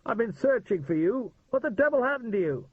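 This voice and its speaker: A man's voice: very high-pitched, expressive, brisk, slightly rough, no echo, pitched above the performer's own voice, exaggerated voice. A man doing a blunt hearty British rescuer. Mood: calling out. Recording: tinny phone-like sound.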